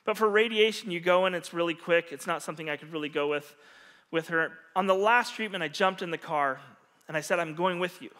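A middle-aged man preaching a sermon, telling a story earnestly with quiet pauses and soft, lowered endings. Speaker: pastor. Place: church hall. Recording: long reverb of a large hall.

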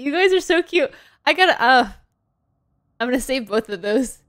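A woman's voice: sits high, lively intonation, normal speed, long pauses, fairly bright tone. Woman streamer crying through her laughter. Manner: gushing, breathless with emotion. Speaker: game streamer. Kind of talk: livestream commentary.

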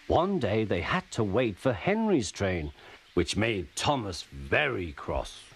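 A man narrating a children's storybook in a lively, expressive way. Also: fairly low pitch, slow. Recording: loud music underneath.

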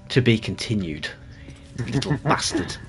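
A man's voice: mid-range voice, fairly bright tone. A man streaming a co-op game with friends, joking and laughing often in casual banter over a headset mic.

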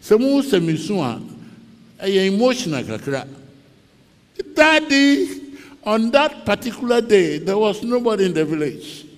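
Ghanaian pastor, high voice, slow and dramatic storytelling sermon, big echoey hall. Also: male voice. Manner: dramatic storytelling preacher, acts out scenes.

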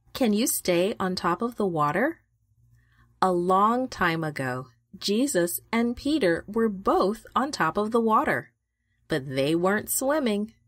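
A woman telling a Bible story to children in a slow, careful storybook reading style, with expressive pauses. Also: medium pitch, no echo, clean studio sound. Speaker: children's Sabbath school storyteller.

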